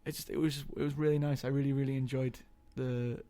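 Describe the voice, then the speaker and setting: A young man talking casually as an interview guest, chatty and hesitant, filling pauses with ums. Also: mid-range voice, little pitch movement, warm tone. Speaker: guest actor.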